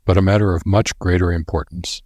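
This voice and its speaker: A man with a low, husky voice voicing a firm, patient research doctor in an audiobook. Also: steady tone, a little fast, darkish tone, dry recording, studio quality.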